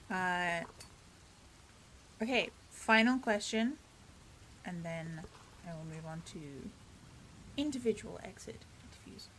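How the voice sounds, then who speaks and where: A woman's voice: fairly low pitch, lively intonation, slow, long pauses, a bit bright, slight background noise, low-quality recording. A woman running a tabletop game podcast as game master, chatty and often drifting off topic.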